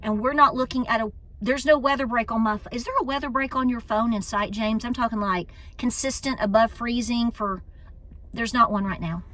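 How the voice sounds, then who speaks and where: Southern woman host, East Tennessee accent, bright and a bit high, folksy chatter into a handheld phone. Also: a little fast. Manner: folksy and chatty, calls people honey. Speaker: homestead channel host. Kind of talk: casual vlog chat. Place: inside a car, then a busy store. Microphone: handheld phone at arm's length.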